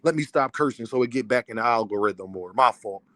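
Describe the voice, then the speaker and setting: A man's voice: medium pitch, fairly quick, a bit bright, no room sound. A man, a boxing content creator, ranting on a livestream, angry, profane and heated. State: worked up and fuming. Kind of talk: livestream rant.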